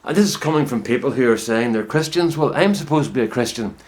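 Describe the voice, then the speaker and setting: A middle-aged man speaks quickly and expressively in a medium-pitched, slightly mellow voice. Filming himself inside his greenhouse, this home potato-growing vlogger rambles reflectively about his crop.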